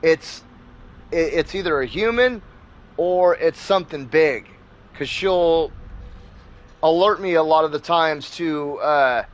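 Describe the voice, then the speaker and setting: Man, gaming host, casual storytelling, rambling, profane, somewhat high voice. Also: slow pace, pauses often. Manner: rambling and profane, with many fillers.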